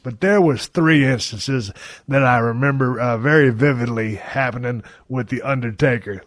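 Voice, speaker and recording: A man telling wrestling stories in a folksy, profane, animated way. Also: mid-range voice, no room sound, studio quality. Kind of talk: casual storytelling.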